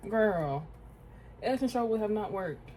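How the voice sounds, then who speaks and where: A woman's voice: medium pitch, lively intonation, a little slow, dark tone, a little hiss or hum, low-quality recording. A woman in her twenties chatting casually to viewers while doing her hair, talking to herself as she goes and calling them y'all and girl. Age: 20s. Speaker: beauty vlogger. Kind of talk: casual get-ready-with-me chat.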